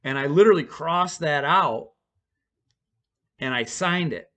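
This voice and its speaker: A man's voice: a little high, expressive, a little slow, pushed and bright. A man at home telling a personal story to his camera in a rambling, profane, casual way, full of fillers and restarts.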